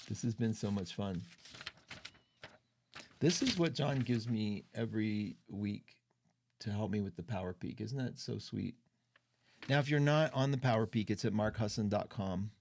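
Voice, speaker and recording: A man's voice: lowish voice, moderate pace, vocal fry, long pauses, a little mellow. A middle-aged man hosting an astrology show, talking casually, chatty and emotional, with strong opinions. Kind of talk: casual livestream talk.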